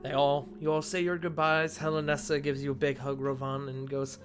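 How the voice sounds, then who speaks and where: A man narrating as the game master of a tabletop game, easygoing and quick to laugh. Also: on the high side, little pitch movement, soft background music.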